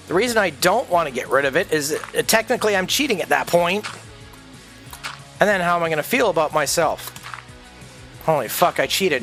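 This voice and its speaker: Male streamer, high-pitched, profane and intense, rambling rant delivery; faint music bed. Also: a bit bright. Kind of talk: ranting livestream monologue.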